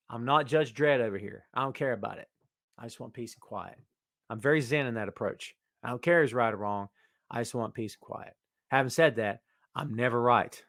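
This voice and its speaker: A man hosting a casual live wrestling podcast, reading the chat and teasing viewers by name in an animated way. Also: fairly high pitch, no room sound, clean studio sound.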